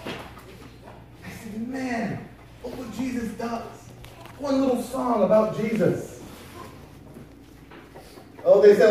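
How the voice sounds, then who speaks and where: A man with a high voice preaches in a casual storytelling way, pressing his listeners with rhetorical questions. His voice booms around a big echoing hall. The mic sits well away from him. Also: slow, long pauses, dark tone, a little hiss or hum. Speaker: pastor. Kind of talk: sermon. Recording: very echoey hall from far off.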